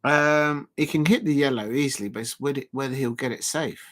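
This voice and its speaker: A man hosting a casual live stream, calling a snooker match in a chatty, rambling, self-deprecating way with lots of filler pauses. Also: medium pitch, a bit bright. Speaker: YouTube live-stream host.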